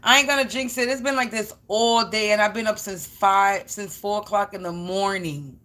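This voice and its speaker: A woman's voice: medium pitch, moderate pace, fairly bright tone. A woman tarot reader chatting to her viewers in a blunt, slangy, rambling way, swearing freely. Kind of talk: casual rambling chat to viewers.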